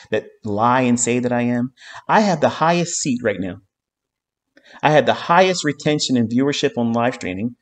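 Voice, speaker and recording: A man lecturing on trading in a heated live-stream rant. He swears constantly, repeats his lines for emphasis and keeps checking in with an insistent "okay?". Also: mid-range voice. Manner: heated, profanity-laden ranting with repeated phrases; emphatic, hammering points with "okay?".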